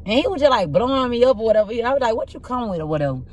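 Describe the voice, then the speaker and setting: A young woman with a rough, husky voice, doing a casual tarot reading and telling blunt, profane stories in an animated way. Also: a little high, racing, muffled recording. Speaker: tarot reader.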